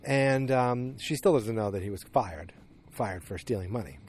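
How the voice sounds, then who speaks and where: A man hosting a podcast, casually recapping a TV episode in a rambling, animated way. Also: mid-range voice, moderate pace. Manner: rambling, animated retelling with acted quotes. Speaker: podcast host.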